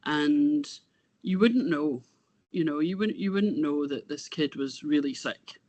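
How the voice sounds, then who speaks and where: A woman, talking about her son as an interview guest, halting and reflective, often trailing off. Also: deep voice, lively intonation, darkish tone, no room sound. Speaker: interview guest, bereaved mother. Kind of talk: casual conversation.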